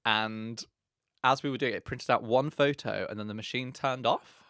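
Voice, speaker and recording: A man co-hosting a comedy podcast, telling anecdotes in a wry, deadpan way. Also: mid-range voice, normal speed, no echo, clean studio sound. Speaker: podcast co-host. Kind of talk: casual comedic storytelling.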